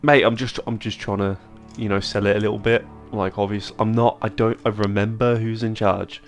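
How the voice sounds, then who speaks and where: A man's voice: lowish voice, flat delivery, fairly quick, soft background music, natural voice. A man voicing a common sailor who puts on airs as a pompous ship captain, speaking. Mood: defensive. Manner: pompous, self-justifying.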